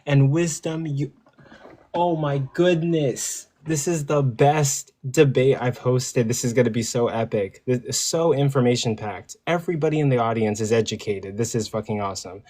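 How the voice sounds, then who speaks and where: A man hosting an online debate, gushing with excitement and swearing freely. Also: mid-range voice, moderate pace. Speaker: debate host.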